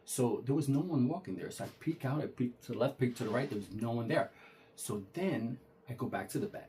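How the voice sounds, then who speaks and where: A man's voice: mid-range voice, lively intonation, fairly quick, dark tone, slight background noise. A man casually retelling a true ghost story, talking conversationally with frequent restarts and acted-out dialogue.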